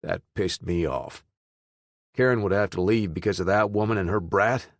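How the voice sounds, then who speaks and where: A man narrating a first-person audiobook in a plain, steady storytelling manner. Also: on the low side, moderate pace, no echo, clean studio sound.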